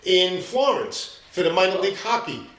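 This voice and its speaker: An upbeat man chats casually about his acting work, cracking small jokes as he goes. His voice sits high for a man. The room around him rings with echo. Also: sing-song, moderate pace, fairly bright tone, a little hiss or hum. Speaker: actor guest. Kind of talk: casual podcast chat. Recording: echoey room.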